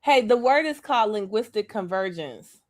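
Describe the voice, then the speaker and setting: A woman's voice: medium pitch, expressive, moderate pace, no room sound. A woman co-hosting a podcast, explaining history in a casual, chatty way with fillers and the odd swear. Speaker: podcast co-host.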